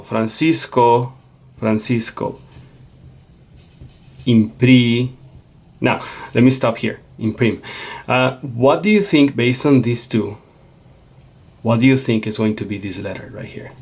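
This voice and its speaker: Gravelly man teaching a language lesson. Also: medium pitch, unhurried, long pauses, a little mellow. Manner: explains patiently, checks in with frequent "okay?". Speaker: Spanish teacher. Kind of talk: classroom lecture.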